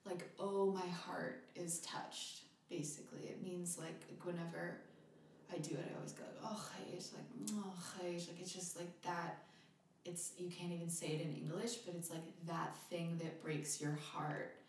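A woman's voice: on the low side, little pitch movement, a little slow. Young woman guest, open and emotional, swears a lot, room's super echoey with faint noise behind. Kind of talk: candid podcast conversation. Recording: very echoey room, voice a bit far from mic.

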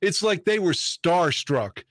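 Indignant, sharp-tongued male podcast host. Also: high-pitched, animated, slow pace, no room sound. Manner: indignant, profane ranting. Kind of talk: casual podcast chat.

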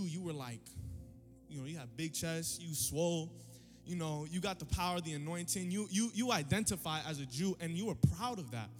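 A man preaching a casual, slangy Bible study sermon in an animated, conversational way. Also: on the high side, big-room sound.

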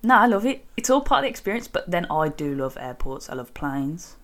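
A woman's voice: on the low side, very animated, fairly quick, fairly bright tone. A woman co-hosting a casual chat, enthusiastic, chiming in with jokes and laughter. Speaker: podcast co-host.

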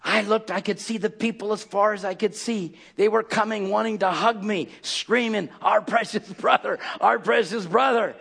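A man delivers a fiery sermon in a high-pitched voice, often breaking into fervent shouts. His tone is husky and breathy, with a gravelly edge. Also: fairly even intonation, normal speed, few pauses. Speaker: preacher.

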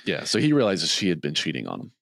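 A male podcast co-host with wildly swooping pitch, a quick pace, vocal fry and a slightly bright tone rambles through a movie plot in casual chat. He acts out the characters' lines in higher voices. The studio-quality recording has no room sound.

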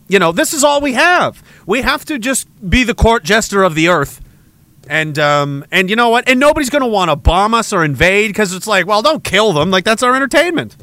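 Canadian man streamer, high bright voice, sarcastic profane rant, dry close sound. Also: no room sound. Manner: sarcastic, profane, laughing often. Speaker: livestream host. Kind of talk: livestream rant reading chat.

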